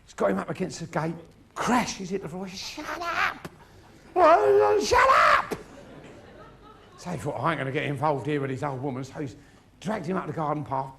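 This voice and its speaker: Brash bawdy comic on stage. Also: male voice, sits high, gravelly, fairly bright tone. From England. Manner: brash, bawdy, swears freely, swings between voices. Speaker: stand-up comedian. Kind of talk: live stand-up storytelling. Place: theatre stage. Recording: live stage mic with crowd and hum.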